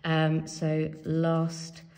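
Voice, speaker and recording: A woman's voice: deep voice, completely flat delivery, very slow, darkish tone. A woman teacher giving a revision tutorial, thinking aloud as she writes and reads from a help sheet, with many fillers. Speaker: English teacher. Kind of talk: revision tutorial while writing.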